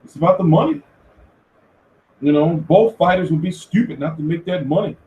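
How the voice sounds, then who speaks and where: A man hosting a casual commentary show, talking in an animated, profane rant. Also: fairly high pitch, normal speed, muffled recording. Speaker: host. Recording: echoey room, far from mic.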